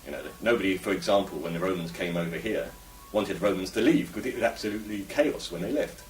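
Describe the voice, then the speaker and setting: A man's voice: sits low, animated, fast talker, a little hiss or hum. A man from England, a vlogger, talking to camera in a rambling, musing and opinionated way. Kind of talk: casual monologue to camera. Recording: roomy echo, voice from a distance.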